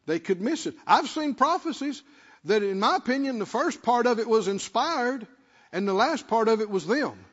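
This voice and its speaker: High-voiced preacher in a reverberant church. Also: male voice, expressive, normal speed, breathy edge. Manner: calls out to the congregation, rising to shouts. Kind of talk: sermon. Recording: muffled sound with long church reverb.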